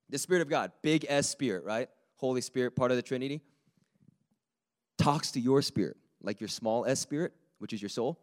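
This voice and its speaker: A man preaching a sermon with a slightly raspy voice, talking in a lively, conversational way that builds to emphatic peaks. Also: medium pitch, moderate pace.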